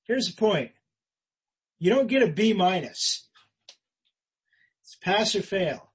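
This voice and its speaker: Pastor guy preaching, kinda high voice, really husky, earnest and chatty. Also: lively intonation, slow, poor audio. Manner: earnest, conversational preaching with emphatic rises and quiet drops. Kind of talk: sermon. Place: church.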